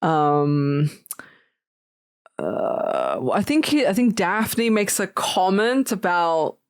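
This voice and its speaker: A woman's voice: lowish voice, sing-song, drawn-out words, no room sound, studio quality. A woman co-hosting a podcast in casual chat, exclaiming often and musing aloud. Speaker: podcast co-host.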